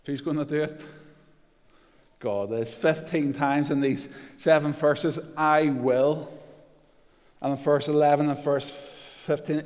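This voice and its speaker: A man preaching a sermon, reading scripture slowly and emphatically with a rising, earnest delivery. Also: on the high side, darkish tone, in a large hall.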